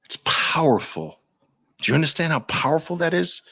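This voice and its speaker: A man's voice: a little high, animated, moderate pace, creaky, bright, forceful tone. A man with a Brooklyn accent hosting an impassioned, preachy talk to camera, hammering points home through repetition. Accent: New York, Brooklyn. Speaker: host.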